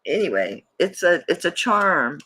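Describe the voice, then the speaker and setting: Chatty woman with a lively, bouncing pitch. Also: a little slow, husky. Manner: chatty, rambling, laughs often. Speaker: jewelry seller hosting a live auction. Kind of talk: casual live-stream selling chat.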